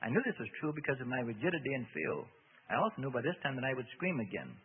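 A man's voice: mid-range voice, big pitch swings, quick pace, breathy edge. A man reading a religious memoir aloud on the radio, with folksy asides of his own. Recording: tinny phone-like radio broadcast.

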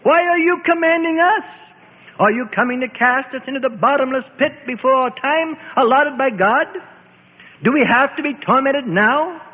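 A man voicing a frantic chief demon, pleading in a shrill, terrified voice, heard through a tinny radio broadcast. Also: normal speed. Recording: tinny phone-like radio with long reverb.

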